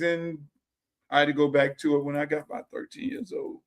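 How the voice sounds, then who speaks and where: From his home theater room, a podcast host in his sixties gives a casual monologue, fervent and sermonizing, circling back over the same points and cursing liberally. His voice is fairly high with a level tone, and he talks a little fast.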